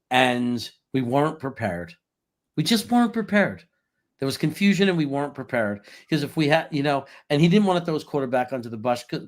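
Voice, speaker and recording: An animated man co-hosting a casual football talk show. He chuckles often and talks in long, run-on thoughts, at a mid-range pitch. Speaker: podcast co-host. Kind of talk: casual sports chat.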